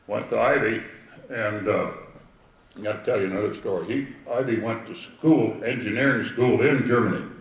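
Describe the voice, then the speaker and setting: Older man, low gravelly voice, anecdotal storyteller heard from afar in a roomy space. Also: muffled recording. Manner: rambling anecdotal storytelling with asides. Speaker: speaker telling family history. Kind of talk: storytelling talk to a gathering. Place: outdoor history event with audience. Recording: echoey, distant from the mic.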